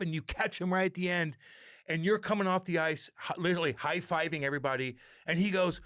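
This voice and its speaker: A man in his thirties hosting a podcast, gushing with excitement and swearing as he talks. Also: fairly high pitch, a little fast, dry recording, clean studio sound. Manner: excited, profane fan enthusiasm. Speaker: podcast host. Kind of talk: casual chat.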